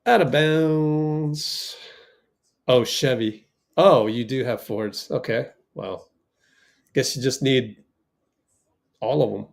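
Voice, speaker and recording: A man hosts a live fan watch party from a home computer setup, calling the game in a casual, unhurried way. His voice has a gravelly fry to it, and he reacts out loud to big plays. Keyboard typing comes through behind him. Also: mid-range voice. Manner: reacts loudly to plays, reads chat aloud. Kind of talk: casual live play-by-play and chat.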